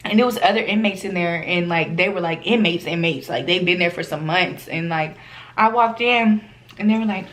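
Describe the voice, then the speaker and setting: A young woman, chatting casually as a vlogger, animated and slangy, often acting out the people in her story. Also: lowish voice, moderate pace. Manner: animated, slangy, acts out quoted voices.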